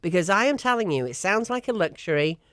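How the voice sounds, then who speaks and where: A woman's voice: medium pitch, lively intonation, fast talker, dry recording, studio quality. A woman with an English accent, co-hosting a casual chat show and talking with emphatic enthusiasm. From England. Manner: chatty and emphatic, with frequent laughs. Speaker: co-host.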